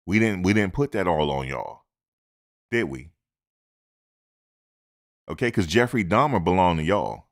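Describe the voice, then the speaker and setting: A man with a very low voice talks sports straight into a close microphone. He is emphatic and animated, hammering points home by repeating them. He lectures his audience like a fired-up commentator. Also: unhurried, pauses often. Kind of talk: opinionated sports talk.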